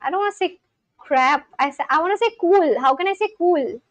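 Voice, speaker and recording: Young woman streamer, high voice, unhurried, dry close mic, casual chat with viewers. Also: lively intonation, no echo, rough recording. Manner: chatty, thinks aloud, sounds out foreign words slowly. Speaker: language-learning livestreamer.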